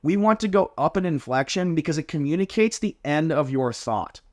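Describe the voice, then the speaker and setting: A man's voice: fairly high pitch, expressive, fairly quick. A man, a drill team coach, casually explaining inspection answers step by step and acting out sample replies. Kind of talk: casual instructional chat.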